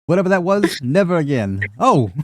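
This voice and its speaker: A man voicing an excitable male party companion who talks in a strained, shrill voice. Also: normal speed, dry recording, studio quality. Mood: frantic.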